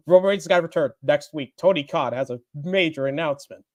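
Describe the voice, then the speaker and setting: A man's voice: a little high, fast, darkish tone, no room sound. A young man co-hosting a casual wrestling podcast, agreeable and full of "like" fillers, often quoting in mock voices. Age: young adult, mentions school. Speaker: podcast co-host.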